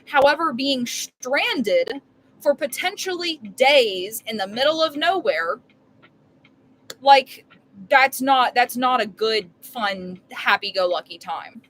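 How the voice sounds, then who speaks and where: A woman's voice: high-pitched, animated, slow, a bit bright, poor audio. A young woman streaming live from her RV while making dinner, telling a long story in a rambling, emphatic way full of filler words. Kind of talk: casual storytelling chat.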